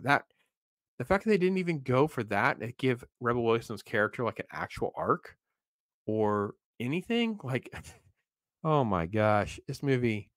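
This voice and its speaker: A man's voice: mid-range voice, a bit bright, no room sound. A man reviewing a film in a casual, rambling way, sounding exasperated and using lots of fillers.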